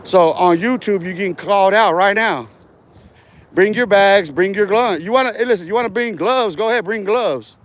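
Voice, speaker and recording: A man's voice: high-pitched, moderate pace, fairly bright tone. A man livestreaming a confrontational, aggressive and profane rant from outdoors by a street on a handheld phone. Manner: aggressive, profane trash talk.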